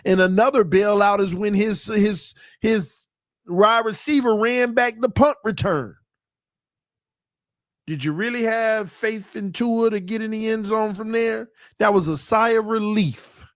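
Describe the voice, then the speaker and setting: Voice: mid-range voice, unhurried, dry recording, studio quality. Heated, argumentative sports show host. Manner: repeats points for emphasis. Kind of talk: livestream rant to the chat.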